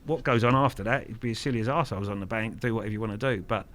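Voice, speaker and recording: A man's voice: on the low side, racing, fairly bright tone. Earthy, frank man from Kent. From Kent, England. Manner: frank, earthy, swears freely, repeats words. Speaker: guest angler. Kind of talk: casual storytelling interview.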